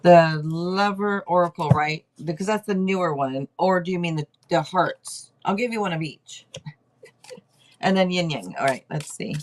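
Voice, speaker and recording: A woman's voice: lowish voice, moderate pace, background noise. A woman hosting a casual livestream tarot reading, chatty, thinking aloud and laughing often. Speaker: tarot reader host.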